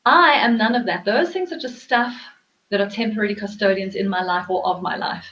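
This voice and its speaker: A woman's voice: mid-range voice, fairly quick, a bit bright, dull audio. A woman hosting an interview as a life coach, explaining her ideas earnestly and repeating phrases for emphasis. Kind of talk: reflective interview talk.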